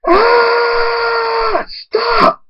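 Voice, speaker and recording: A man's voice: slow pace, heavy background noise, natural voice. A man voicing a captive male pony who pleads with his captor, on a dull lo-fi mic. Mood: screaming. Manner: pleading, breaks into high screams.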